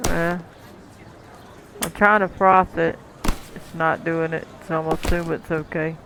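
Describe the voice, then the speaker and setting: A gameplay commentator chats casually while playing a cooking game, talking to the customers and chuckling often. His voice is a little high and gravelly, with a flat, unhurried delivery over a noisy background.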